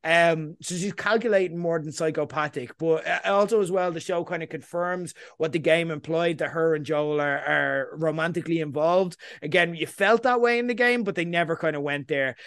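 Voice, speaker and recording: A man hosting a casual podcast discussion, talking in an animated way and often asking "you know what I mean". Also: fairly high pitch, normal speed, few pauses, smooth. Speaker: podcast host.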